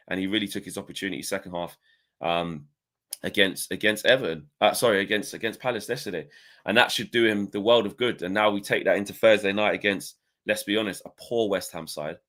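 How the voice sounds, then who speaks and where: A man talking football in a loose, rambling way, forever tossing in "you know" and "do you know what I mean". His voice sits a little low, and he chats from home on a video call. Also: fast talker, fairly bright tone. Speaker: football podcast co-host. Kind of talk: casual football chat.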